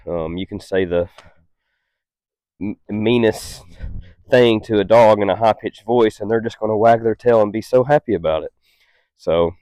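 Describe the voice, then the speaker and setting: A man working as a dog trainer, who explains his methods calmly and patiently and gives short, stern commands to a dog. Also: lowish voice, no room sound. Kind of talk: instructional demonstration.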